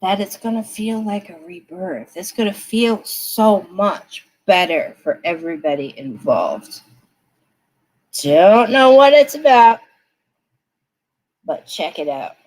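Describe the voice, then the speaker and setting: A woman's voice: medium pitch, animated, takes it slowly, pauses often, a little hiss or hum, rough recording. A woman giving tarot readings on a live stream, chatting straight to her viewers and laughing often. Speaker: tarot reader.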